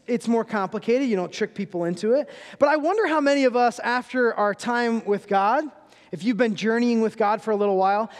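Speaking from a church sanctuary where sound rings out with long reverb, a thirtysomething guest preacher relays family anecdotes with humor. He keeps things relaxed and conversational, and his voice sits on the high side for a man.

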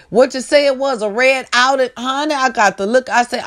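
A woman telling a story to her viewers in a loud, profane, preachy way, calling them y'all. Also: high voice, brisk, hardly any pauses. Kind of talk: animated casual storytelling to camera.

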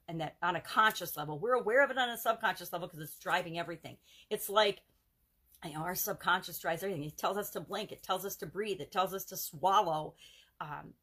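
A woman's voice: medium pitch, fairly bright tone. A woman hosting a live coaching video, talking earnestly and casually and running through examples in rhythmic lists. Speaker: self-help challenge coach.

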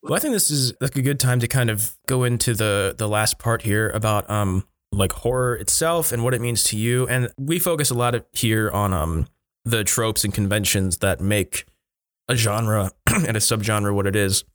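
A man hosting a podcast in a relaxed way, laughing as he tells anecdotes and filling his speech with likes. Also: lowish voice, moderate pace. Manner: frequent likes and restarts. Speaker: podcast host. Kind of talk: casual podcast interview.

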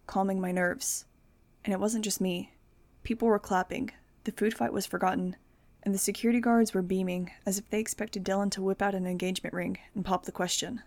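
A woman's voice: mid-range voice, no room sound. Young woman reading an audiobook. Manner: steady, plain first-person storytelling. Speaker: audiobook reader. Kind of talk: amateur audiobook narration.

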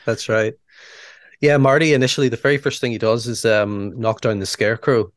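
A man's voice: medium pitch, steady tone, a little fast, no room sound, clean studio sound. A man co-hosting a podcast, casually retelling movie scenes step by step and laughing often. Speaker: podcast co-host. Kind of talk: casual movie recap chat.

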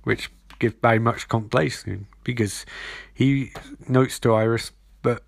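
A man sardonically recapping an episode, rambling and switching between quick character voices. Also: mid-range voice, steady tone, creaky, dry recording, clean studio sound.

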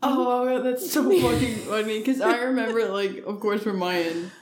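A woman's voice: a little high, steady tone, moderate pace, a crowd in the background. A young woman co-hosting a podcast in casual chat, giggling and reacting to her friend's story. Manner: giggly, reacting with short backchannels. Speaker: podcast co-host. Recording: echoey room.

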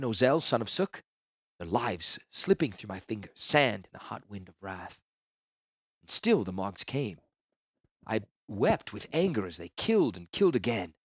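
Husky-voiced man reading a fantasy tale. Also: on the low side, a bit bright, no room sound, clean studio sound. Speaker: audiobook narrator. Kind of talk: first-person fantasy novel reading.

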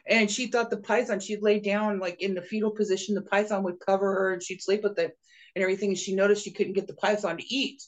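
A man's voice: high-pitched, flat delivery, fast talker. A man hosting a podcast, talking insistently and repeating himself as he tells stories. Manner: insistent, repetitive, storytelling. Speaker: podcast host. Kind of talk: casual podcast chat.

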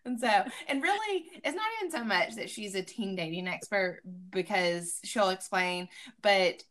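A woman's voice: medium pitch, animated, normal speed, a bit bright. A woman, chatting casually as a podcast co-host. She talks freely and laughs often, in an everyday mid-range voice. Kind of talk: casual chat.

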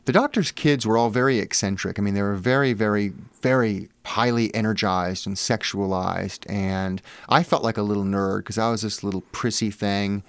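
A man's voice: fairly low pitch, fairly even intonation, normal speed, few pauses, clear, resonant tone, no echo. A man from Massachusetts, a memoir author, telling personal stories in an interview with candid, wry humor and frequent "you know" fillers.

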